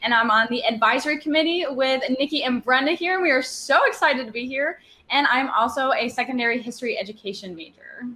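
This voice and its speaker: A young woman from Wisconsin, a student co-hosting an awards ceremony over a video call, chatty and excited. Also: sits high, a little fast. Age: young adult. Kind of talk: casual hosting chat.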